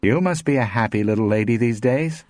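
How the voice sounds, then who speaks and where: A man's voice: mid-range voice, a little fast, darkish tone, dry recording, pitched above the performer's own voice, close to an everyday voice. A man voicing a bitter, sardonic blind actor in an audiobook, mocking and rueful. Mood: sarcastic. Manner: sarcastic, mocking.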